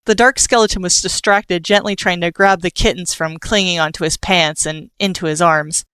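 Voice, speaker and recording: A woman reading an audiobook in a steady storytelling manner. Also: on the low side, normal speed, hardly any pauses, smooth, dry recording. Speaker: audiobook narrator. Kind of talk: scripted audiobook narration.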